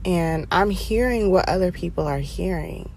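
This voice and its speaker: A young woman hosting her own podcast, talking casually and animatedly, with sassy asides and drawn-out emphasis. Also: lowish voice, vocal fry, darkish tone, a little hiss or hum. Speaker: podcast host. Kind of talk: casual solo podcast monologue. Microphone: headphones, home podcast mic.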